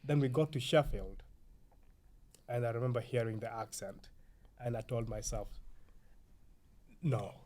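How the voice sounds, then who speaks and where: A man in his thirties from Uganda with a Ugandan accent, a podcast guest recounting memories in a lively storytelling manner. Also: mid-range voice, moderate pace, long pauses. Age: 30s. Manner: animated storytelling, quoting his younger self. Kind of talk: podcast interview.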